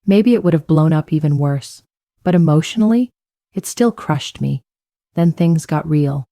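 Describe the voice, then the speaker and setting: A woman's voice: sits low, moderate pace, warm tone, no room sound, clean studio sound. A woman narrating a first-person family drama story with emotional storytelling.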